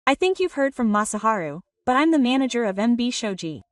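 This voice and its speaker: A pompous older company boss speaks in a patronizing way, read by a woman narrator. The voice stays a little high and set back, with soft music underneath. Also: big pitch swings, quick pace, no room sound, distant mic. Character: arrogant older father-in-law, company boss.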